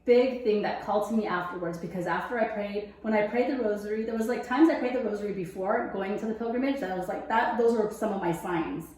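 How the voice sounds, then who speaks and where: A woman with a mid-range, slightly mellow voice talks quickly with almost no pauses. As a guest in a casual interview, she shares her faith testimony animatedly, acting out her own past thoughts, in a very echoey room.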